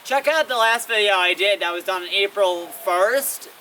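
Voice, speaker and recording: A man's voice: high-pitched, normal speed, pushed and bright. A man giving a casual, rambling weather vlog outdoors, often correcting himself. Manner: rambling, self-correcting, trying foreign words. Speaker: weather vlogger. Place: outdoors in wind. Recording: distant windy outdoor recording.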